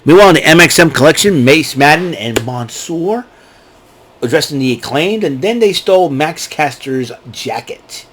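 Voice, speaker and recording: A man's voice: a little high, moderate pace, slight background noise. A man giving a casual, rambling wrestling recap and often laughing at his own jokes. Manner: animated, rambling, laughs a lot. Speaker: wrestling show reviewer.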